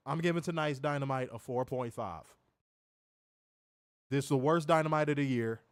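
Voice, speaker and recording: A man's voice: fairly high pitch, clear, resonant tone, no echo, clean studio sound. A man co-hosting a casual online show, talking bluntly with frequent swearing and reading viewer comments aloud. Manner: blunt, profane, reads chat comments aloud. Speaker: co-host of a wrestling review show. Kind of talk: casual chat.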